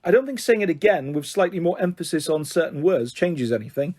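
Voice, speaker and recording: A man's voice: fairly high pitch, fairly quick. A man voicing a blunt, matter-of-fact girl, the older sister, in a storybook reading. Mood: deadpan. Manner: plain, matter-of-fact, deadpan.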